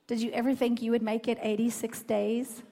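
A woman's voice: a little high, little pitch movement, fairly quick, mellow. A woman preacher praying and delivering a sermon to her church in a fervent, declarative cadence. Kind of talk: sermon with opening prayer. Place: church sanctuary. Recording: long reverb in a large hall with music.

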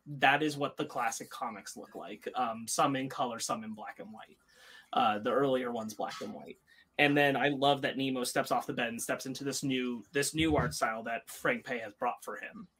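A man's voice: mid-range voice, steady tone, normal speed, fairly bright tone. Hesitant man in casual review chat. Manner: hesitant, many ums and uhs. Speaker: podcast co-host.

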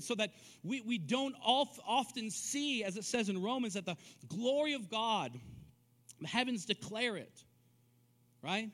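A man preaching a sermon, who repeats words as he builds emphasis and rises into forceful declarations. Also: sits high. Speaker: pastor. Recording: long reverb of a hall.

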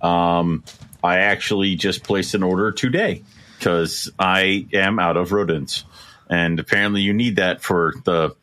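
A man's voice: low-pitched, fairly even intonation, a little slow, a bit bright. A man co-hosting a casual podcast, who teases his partner with dry humor. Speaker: podcast co-host.

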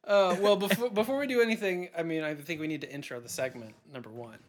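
A man hosting a comedy podcast game show, chatting in a playful, rambling way with quick laughs. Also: a little high. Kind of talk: casual comedy podcast chat.

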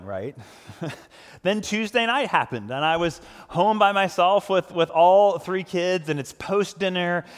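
A man in his thirties, a pastor giving a sermon in a conversational, self-deprecating storytelling way, his delivery swinging between hushed prayer and animated anecdote. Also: a little high. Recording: long reverb of a large hall.

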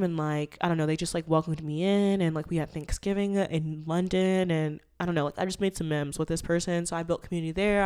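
Hosting her own laid-back podcast, a twentysomething woman rambles openly, swearing and using fillers freely. She has a clear, resonant voice on the low side with a slightly mellow quality.

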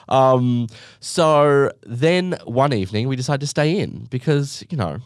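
A man's voice: mid-range voice, sing-song, moderate pace, dry recording, studio quality. A man hosting a podcast, telling comic stories in a rambling way, full of asides and jokes at his own expense. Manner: rambling, with many asides and self-mocking jokes. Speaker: podcast host. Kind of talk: casual comedic storytelling monologue.

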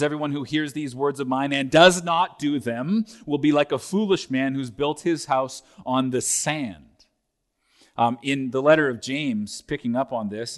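A man delivering a sermon as a pastor, reading scripture aloud and building intensity through repeated phrases. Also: mid-range voice.

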